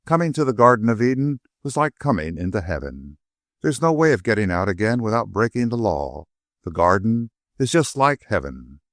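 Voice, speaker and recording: A man voicing an elderly male servant who speaks softly and slowly, looking back on his past. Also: lowish voice, sing-song, dry recording, studio quality. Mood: solemn.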